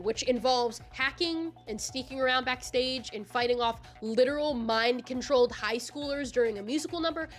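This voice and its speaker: A woman in her twenties recapping musicals in a casual video commentary, sarcastic, excitable and quick to swear. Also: fairly high pitch. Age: 20s. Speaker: YouTuber.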